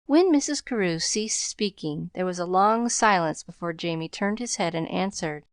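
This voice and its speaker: A woman reading an audiobook aloud in measured, even scripted narration. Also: lowish voice, no room sound, clean studio sound.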